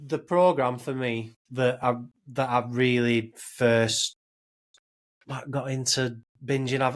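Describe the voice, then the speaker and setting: A man, hosting a casual podcast and rambling with many restarts and repeated words. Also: mid-range voice. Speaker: podcast host.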